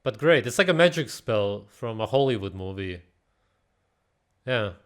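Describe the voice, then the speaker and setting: A man's voice: on the low side, animated, measured pace, a bit bright. A man reacting to a video in casual, ranting commentary, blunt and mocking, swearing and often laughing in disbelief.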